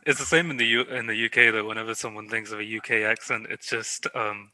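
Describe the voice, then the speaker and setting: Bright-voiced laid-back English man. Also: on the low side, steady tone, fast, poor audio. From England. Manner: laid-back, laughs easily. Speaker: podcast co-host. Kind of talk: casual podcast chat.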